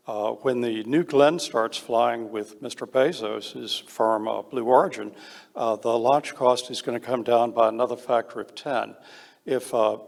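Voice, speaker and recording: A man's voice: medium pitch, creaky, in a large hall. A man speaking on a panel, blunt and emphatic, with frequent hesitations. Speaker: panel speaker on space law. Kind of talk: panel discussion.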